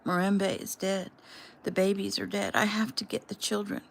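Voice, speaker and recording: A woman voicing a frantic, grieving young woman who cries out in high, pleading bursts. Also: level tone, normal speed, creaky, slight background noise, close to an everyday voice. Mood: grief-stricken.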